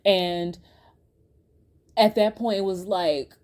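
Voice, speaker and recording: A woman hosts her own podcast and tells a personal story straight to her listeners. She talks in a chatty, animated way and laughs often. Her voice is mellow and warm, pitched in a middle range. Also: takes it slowly. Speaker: podcast host. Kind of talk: casual storytime to viewers.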